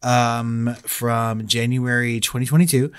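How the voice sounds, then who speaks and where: A man's voice: mid-range voice, little pitch movement, a little slow, clear, resonant tone. A man co-hosting a podcast in casual chat, joking, swearing freely and laughing often. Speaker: podcast co-host.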